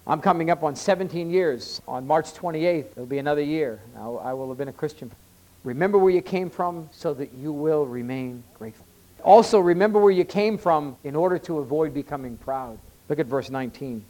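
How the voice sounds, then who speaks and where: Emphatic pastor with a higher voice. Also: male voice, rough recording. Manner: builds to loud emphatic rises, slows to read scripture. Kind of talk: sermon.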